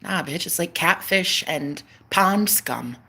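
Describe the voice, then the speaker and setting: Bright, animated woman livestreaming. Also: lowish voice, takes it slowly, breathy edge. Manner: animated, swears freely, laughs often. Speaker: psychic reader livestreaming. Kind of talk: casual livestream chat.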